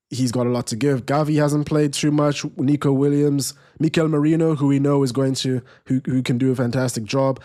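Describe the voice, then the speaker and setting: A young man hosts a live football watchalong in an easygoing, conversational way. He reads viewer comments aloud and often restarts his sentences as he thinks. His voice sits at an ordinary middle pitch. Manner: relaxed, rambling, restarts sentences. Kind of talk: casual live match commentary, reading chat.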